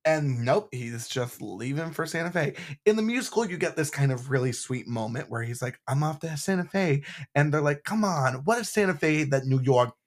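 Animated man chatting on a podcast. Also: moderate pace. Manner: animated, acts out characters in high voices. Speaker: podcast co-host. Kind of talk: casual chat.

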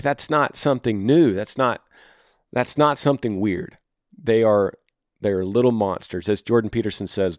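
A man's voice: mid-range voice, darkish tone, dry recording, studio quality. A man hosting a podcast, giving earnest, encouraging advice to a listener and repeating his key phrases. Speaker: podcast host. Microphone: studio microphone.

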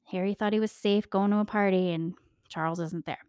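A young woman tells a crime story in a loose, chatty way. She laughs a lot and talks to her listeners as friends. Her voice sits at an everyday pitch and sounds dry and close, with little room sound. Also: fairly quick, smooth, no room sound. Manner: chatty, animated, laughs often, addresses listeners as "you guys". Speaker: podcast host. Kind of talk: casual true-crime storytelling.

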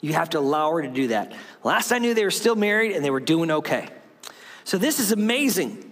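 A man's voice: on the high side, big pitch swings, fairly quick, fairly bright tone. A male pastor preaching a sermon, telling a story and acting out the voices in it. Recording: long hall reverb.

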